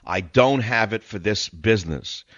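A man's voice: on the low side, a little slow, a bit bright, no echo, muffled recording. An older man hosting a call-in radio talk show, speaking emphatically and preachily, repeating phrases for effect. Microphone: studio broadcast mic.

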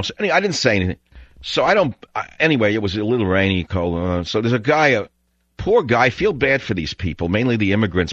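A man's voice: on the low side, fairly bright tone, no echo. Ranting man hosting call-in radio. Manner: ranting, scornful, blunt. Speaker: radio talk show host. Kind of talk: call-in talk radio monologue. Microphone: studio broadcast microphone. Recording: dull, dry radio broadcast audio.

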